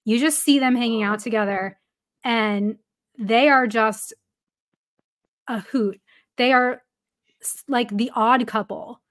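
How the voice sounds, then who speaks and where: A woman's voice: a little high, takes it slowly, long pauses, a bit bright. A woman who is a baseball reporter, guesting on a podcast and telling a story casually with plenty of "like" fillers and some laughter.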